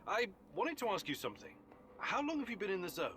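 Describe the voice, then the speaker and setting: An actor playing a polite, inquisitive male professor who speaks in a measured way. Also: high voice, very animated, bright, forceful tone, soft background music, heavily acted.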